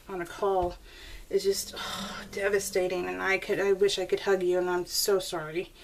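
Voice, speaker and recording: A woman's voice: fairly low pitch, flat delivery, normal speed. Chatty, laughing woman vlogger. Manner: chatty and gushing, laughs often. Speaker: scrapbooking vlogger. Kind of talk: casual chat to viewers while crafting. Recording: slightly distant mic, faint background noise.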